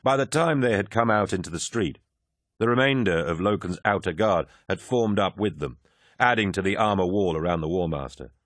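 Very deep-voiced male audiobook narrator. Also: dry recording, clean studio sound. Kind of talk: scripted narration.

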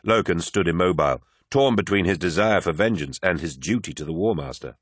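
A man narrates an epic battle story with grave, measured weight. His voice sits very low and the recording is bone dry, with no room around it. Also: lively intonation, slightly rough, no room sound. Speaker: audiobook narrator. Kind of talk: dramatic scripted narration.

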